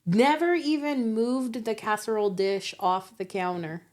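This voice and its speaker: A woman in her forties co-hosting a podcast, telling animated stories in casual chat, acting out quotes and laughing often. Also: on the high side, a little slow. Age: 40s. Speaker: podcast co-host.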